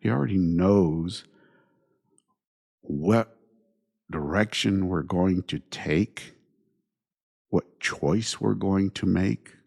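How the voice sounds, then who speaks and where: Male podcast host, dark and mellow voice, reflective solo talk that circles back through rhetorical questions. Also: deep voice, vocal fry, slightly rough. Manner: unhurried, repeats points with rhetorical questions. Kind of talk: reflective monologue.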